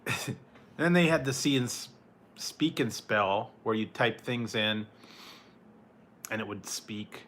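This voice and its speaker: A man's voice: fairly low pitch, takes it slowly, long pauses, a bit bright, a little hiss or hum. A man hosting a casual food-review livestream, chatting with viewers, laughing often and greeting people by name. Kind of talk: casual live chat with viewers.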